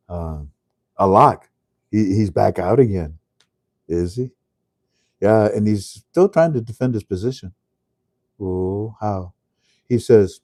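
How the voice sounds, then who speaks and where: Older man rambling with chuckles, low and warm. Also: measured pace, long pauses, no echo. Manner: rambling, chuckling, many fillers and restarts. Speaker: host. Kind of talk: casual monologue.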